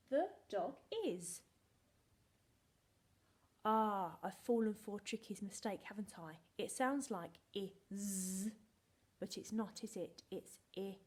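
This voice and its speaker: A woman's voice: mid-range voice, animated, slow, long pauses, a little mellow. A woman teaching a recorded phonics lesson to young children, sounding words out letter by letter in a playful, sing-song way and pretending to need their help. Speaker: primary school teacher.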